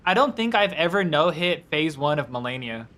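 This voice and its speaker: A man with a slightly high voice commenting on his own gameplay. He talks casually and excitedly, swearing almost every line. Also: normal speed. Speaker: game streamer.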